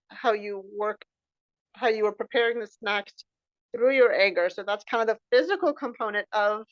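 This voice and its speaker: A woman's voice: mid-range voice, no room sound, muffled recording. A woman co-hosting a podcast, responding in an affirming, reflective way. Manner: affirming, reflective, animated when quoting. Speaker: podcast co-host. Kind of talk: casual chat.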